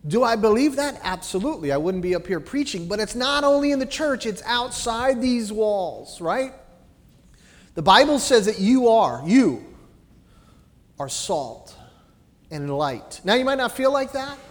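A man preaching a sermon in a church, animated, swinging between loud emphasis and quiet, low asides. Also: long reverb tail.

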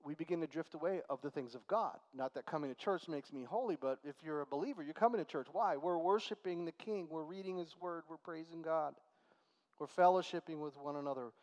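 A male pastor giving a conversational verse-by-verse sermon, reading scripture slowly and building to emphatic points. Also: a little high, a little mellow, big-room sound, dull audio. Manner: conversational preaching, slow deliberate scripture reading, swells to emphatic.

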